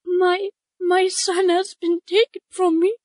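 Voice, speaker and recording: A woman's voice: level tone, slow, darkish tone, no echo, studio quality. A woman voicing a female humanoid eagle-person, a mother who is desperate about her lost son. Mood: pleading. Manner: high, pleading and tearful.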